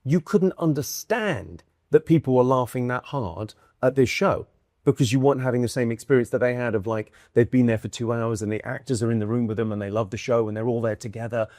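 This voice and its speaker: A man's voice: medium pitch, a little fast, a little mellow, no room sound. A man from the United Kingdom, a comedian guest in a casual conversation, musing aloud with dry wit and many restarts. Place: indoor room in London.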